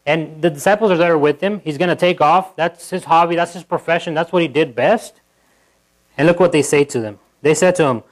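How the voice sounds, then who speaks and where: A pastor speaks to his congregation in a somewhat high voice. He talks casually, restarts his sentences, and acts out the lines he quotes. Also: poor audio. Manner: conversational, with frequent restarts and asides to the congregation; animated, acting out quotes in a livelier voice. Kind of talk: sermon. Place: church.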